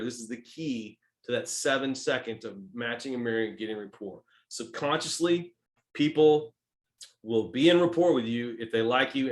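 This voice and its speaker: A sales coach with a Texan drawl drives his points home, punching key words and then dropping to near-quiet asides. He keeps checking in with quick tags like "right?" as he talks. His voice sits at an everyday middle pitch for a man. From Texas. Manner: emphatic, tags lines with "right?" and "okay?"; swings between loud stresses and soft asides. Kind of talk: sales training talk.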